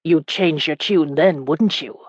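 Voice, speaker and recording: A woman narrator voicing a hot-tempered English nobleman in an audiobook, speaking bluntly and forcefully. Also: sits low, measured pace, breathy edge, no room sound, lo-fi sound.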